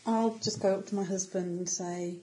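A woman playing a tabletop role-playing game, speaking in a composed, measured way and turning formal in character. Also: medium pitch, fairly even intonation, mellow, slight background noise, low-quality recording. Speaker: player. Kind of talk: tabletop role-play chat.

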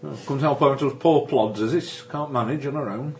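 A gruff Yorkshire sergeant, as a game master puts him on, brusque and condescending with travellers. His voice sits noticeably higher than the man's own. Steady hiss runs under the recording. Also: fairly quick, lightly acted. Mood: nosy. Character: gruff middle-aged male country police sergeant. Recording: noisy recording.

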